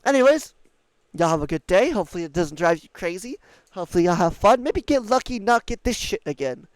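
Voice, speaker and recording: A man's voice: sits high, lively intonation, quick pace, dry recording, low-quality recording. A man ranting angrily and profanely over gameplay as a gaming video creator.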